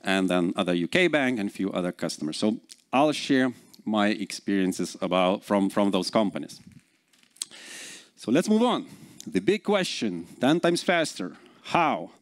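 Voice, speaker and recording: A man's voice: fairly low pitch, lively intonation, a little slow, no echo. Lithuanian-accented man giving a conference talk. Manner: quizzes the audience, chatty, many fillers. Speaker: conference speaker.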